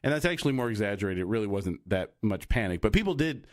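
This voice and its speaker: Speaking fast in a lowish, sing-song voice, a young podcast co-host rambles through casual chat, heavy on fillers and restarts. The recording is dry and studio-quality.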